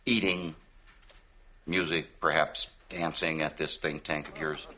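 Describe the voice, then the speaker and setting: A man's voice: rumbling low, fairly even intonation, unhurried, bright, forceful tone, heavily acted. An actor playing a strict, dry-humored middle-aged Marine major and father, speaking in clipped, sardonic lines in an old TV sitcom. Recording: dull old TV sitcom audio with hiss.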